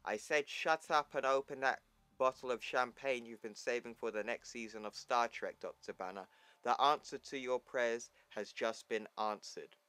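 A man's voice: medium pitch, moderate pace, sharp tone, clean tone, dry recording, lightly acted. A man voicing a curt male general, reading his commanding lines from a comic in a brusque way.

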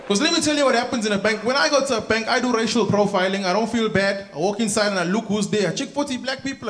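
A South African man doing a stand-up comedy routine on a theatre stage, telling animated stories and acting out other people. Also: high-pitched, fast, hardly any pauses. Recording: roomy theatre sound with crowd noise. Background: laughing audience.

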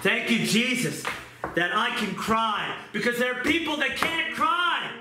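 A man preaching a fervent sermon, moving from pleading prayer to quieter scripture reading. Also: extremely high pitch, a little slow. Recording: echoey room with noise.

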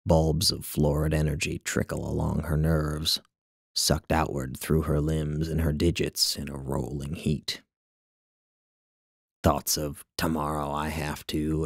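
A man reading his own short story aloud as a measured, wry literary narration. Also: very deep voice, creaky, slightly rough, no room sound, clean studio sound.

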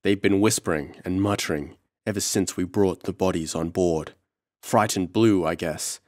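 A man's voice: low voice, normal speed, darkish tone, no room sound, studio quality, close to an everyday voice. A man voicing a cool-headed scientist who speaks grimly and decisively, in an audiobook reading. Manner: grim, decisive.

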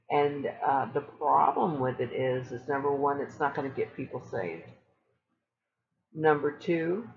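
An online Christian speaker, a woman with a low-pitched voice, preaches casually to her viewers, earnest and emphatic, repeating phrases for stress. The audio has phone-quality sound.

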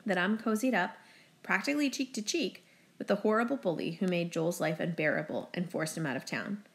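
Woman reading a teen audiobook out loud, first person, brisk and expressive. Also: on the low side. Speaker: audiobook narrator.

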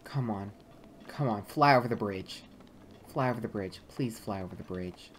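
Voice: medium pitch, moderate pace, a little hiss or hum. A let's play gamer giving casual gameplay commentary, swearing often and muttering irritably at the game.

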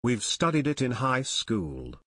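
Male reader doing a self-assured teen girl, lively. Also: medium pitch, unhurried, no echo, studio quality. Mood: spirited. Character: spirited teenage girl.

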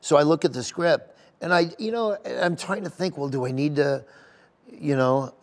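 A man's voice: on the high side, normal speed. A middle-aged man, a comedian, telling stories in an interview in an emotional, rambling way with many restarts. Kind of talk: sit-down interview storytelling. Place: golf tournament venue.

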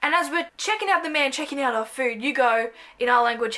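An Australian woman vlogging a playful, self-mocking comedic monologue to camera, breaking into loud bursts. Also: sits high, fairly quick.

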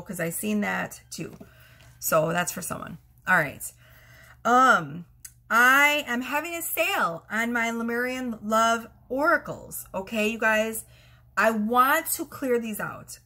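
A woman tarot reader rambling excitedly to her followers in a casual vlog, swearing freely and restarting her sentences. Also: mid-range voice.

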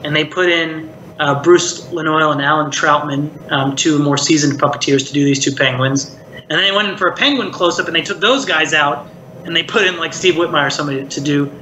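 A middle-aged puppeteer and voice actor from Maryland, United States, chats reflectively as a guest in a casual interview, peppering his speech with "like" and "you know." His voice is on the high side, brisk and sharp. The recording has a roomy echo and faint hiss.

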